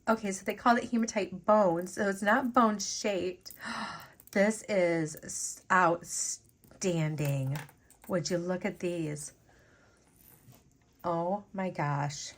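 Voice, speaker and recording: A woman hosting a casual jewelry-making vlog, gushing and excitable, chatting to viewers as she unboxes beads. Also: medium pitch, takes it slowly. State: teary and sniffly after sneezing. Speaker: jewelry-making channel host.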